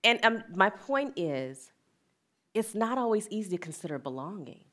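A woman's voice: medium pitch, sing-song, moderate pace, fairly bright tone. A middle-aged woman speaking as a wellness and equity speaker, earnest and plain-spoken, sharing a personal story in a reflective talk and laughing easily.

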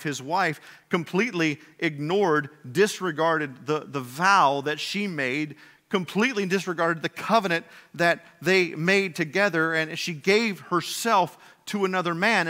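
A male pastor preaching with a high, bright voice that rings through a reverberant sanctuary. He moves from loud, pointed emphasis to hushed, low passages and keeps putting rhetorical questions to the congregation. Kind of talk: sermon. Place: church sanctuary.

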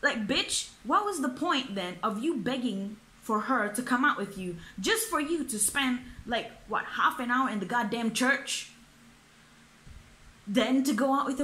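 A woman's voice: on the high side, sing-song, moderate pace, fairly bright tone, slight background noise. A young woman, ranting through a book review, exasperated and swearing, with lots of fillers. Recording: echoey room.

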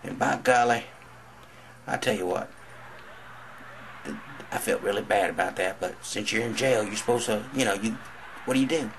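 A man's voice: on the low side, normal speed, long pauses, a bit bright, slight background noise. A man telling a crude stand-up story in a drawling country manner, acting out other voices. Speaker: comedian.

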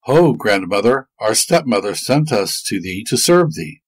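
A man voicing two polite, timid orphan children in a storybook reading, raising his voice to sound shrill and childish. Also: very animated, measured pace, husky, dry recording, heavily acted, rough recording. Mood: pleading. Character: young orphan boy and girl, polite and timid.

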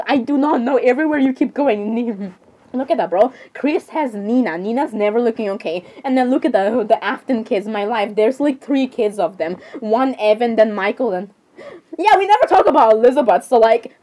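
A young woman giving excitable, dramatic casual commentary, often repeating exclamations and laughing. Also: fairly high pitch, normal speed. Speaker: narrator voicing characters.

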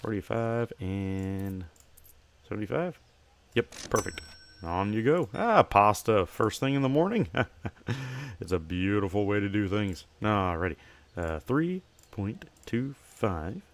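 A man's voice: lowish voice, big pitch swings, measured pace. A young man giving casual gameplay commentary, chatting to himself and breaking into playful, chirpy shopkeeper greetings to customers. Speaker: gamer.

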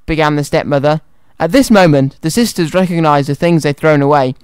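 A man's voice: on the high side, a little fast, few pauses, clear, resonant tone, no echo. A man presenting a children's radio show and reading a story aloud in a cheerful, friendly way, in a studio. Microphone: studio microphone.

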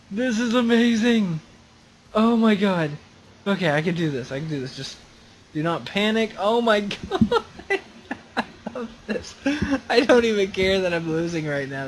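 A man commentating his own racing game, chatty and self-encouraging, bursting into loud excited exclamations. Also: on the high side, a little hiss or hum, low-quality recording. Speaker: gaming channel host.

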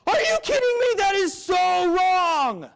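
A man voicing his indignant young male roommate in a high, shouting tone during a chapel story. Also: huge pitch swings, moderate pace, full character voice. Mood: outraged. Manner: shrill, shouting disbelief.

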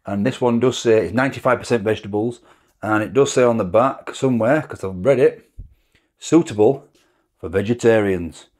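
A man's voice: lowish voice, normal speed, a little mellow. A middle-aged man, chatting casually to camera as a food vlogger, rambling and laughing often.

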